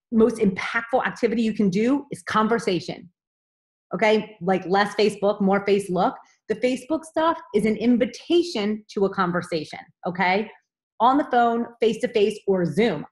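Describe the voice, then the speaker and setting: A woman in her thirties giving a motivational training talk to her team, upbeat and direct, often checking in with "okay?". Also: mid-range voice.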